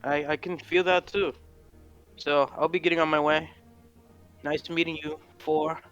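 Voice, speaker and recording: A man with a bright, forward tone and a slightly high voice, playing in a casual tabletop game. He speaks in a loose, playful way. Faint music sits behind him. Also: little pitch movement, unhurried, highs cut off. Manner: playful, laughs often. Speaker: player.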